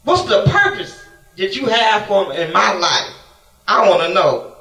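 A man's voice: high voice, sing-song, measured pace, vocal fry, pushed and bright. A man preaching a sermon, pleading with God in a passionate, swinging delivery. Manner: impassioned, swings between pleading and laughing. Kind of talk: sermon with storytelling. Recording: echoey room, mic from a distance.

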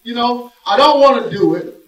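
A man with a notably high voice preaches in a church, dropping to a hush and then rising to loud, slowly stretched emphasis. He sounds set back from the mic, and his voice rings off the room. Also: lively intonation, lo-fi sound, soft background music. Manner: dramatic preaching, swinging between hushed and loud, slow drawn-out emphasis. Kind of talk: sermon. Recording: echoey room, voice from a distance.

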